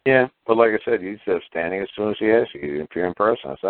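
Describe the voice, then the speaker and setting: Over a dry, tinny phone line, a man with a lowish voice calls in to a talk show, speaking quickly with few pauses. He chats casually and animatedly, acting out the voices of people he quotes.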